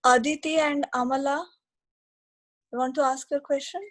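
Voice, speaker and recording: A woman with a high voice runs an online class, politely calling on students by name. She keeps the session organized and courteous. The sound comes through a video call. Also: steady tone, normal speed, poor audio. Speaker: class moderator.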